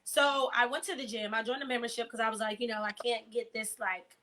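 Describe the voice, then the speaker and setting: A woman hosting a casual video call chat, telling stories in a lively way with slang and frequent laughter. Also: on the high side, fairly quick. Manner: lively storyteller, laughs often, uses slang. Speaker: host.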